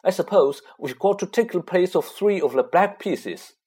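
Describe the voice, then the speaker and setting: A man's voice: high voice, animated, moderate pace, darkish tone, breathy edge, pitched above the performer's own voice. A man voicing an eleven-year-old boy who confidently plans a chess game and takes charge. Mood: assured.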